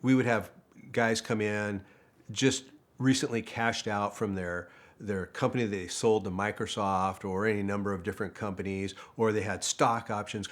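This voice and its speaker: A man's voice: on the low side, normal speed. An older man, a former dealership manager, telling a casual story in a chatty way and acting out other people's lines. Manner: chatty, quotes others in lively voices, laughs often. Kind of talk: casual anecdote.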